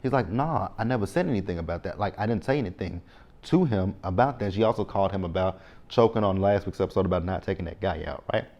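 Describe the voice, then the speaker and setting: Male host, 30s, somewhat low voice, talkative recap style, animated asides. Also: fast talker, lo-fi sound. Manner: chatty, frequent "right?" asides, animated reactions. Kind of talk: casual TV episode recap.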